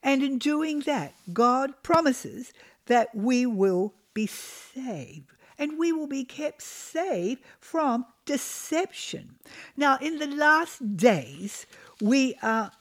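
A woman's voice: high voice, lively intonation, drawn-out words. A woman teaching a devotional Bible lesson to women, reading scripture aloud and lingering on key words.

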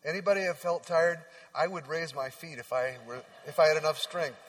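A man with a fairly high voice delivers a sermon from the pulpit. He preaches in a chatty, storytelling way and often drops into soft, hushed tones. His voice rings out with the long reverb of a large church hall. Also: fairly even intonation, fairly quick. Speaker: pastor. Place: church sanctuary.

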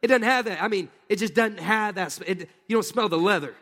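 A man's voice: sits high, a little fast. Preaching man in a reverberant hall. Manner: casual, animated preaching with audience questions. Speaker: pastor. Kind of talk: sermon.

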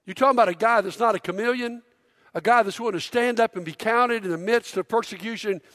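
A middle-aged man preaching a sermon in a church, energetic and conversational, prompting the congregation. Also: high-pitched, fast talker. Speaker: pastor. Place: church auditorium. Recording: long hall reverb.

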